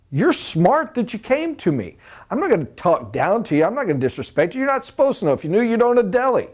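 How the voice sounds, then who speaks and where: Male sales trainer, energetic lecturer, punchy delivery with playful acted asides. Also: very high voice, fairly quick, vocal fry. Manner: animated, emphatic, mock voices for examples. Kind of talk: live sales training talk.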